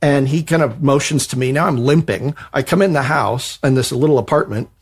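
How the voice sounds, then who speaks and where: A man on a podcast telling a personal anecdote, animated and self-mocking. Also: medium pitch, fairly quick, breathy edge. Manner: animated, self-mocking retelling that acts out quoted dialogue. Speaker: podcast co-host. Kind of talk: storytelling anecdote.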